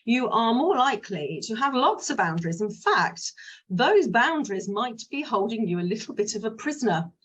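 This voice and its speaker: A woman's voice: a little high, big pitch swings, normal speed, slightly rough. A woman, a business mindset coach talking casually and frankly to her viewers, drifting into side stories. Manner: chatty, frank, digressive. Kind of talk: casual solo talk to viewers.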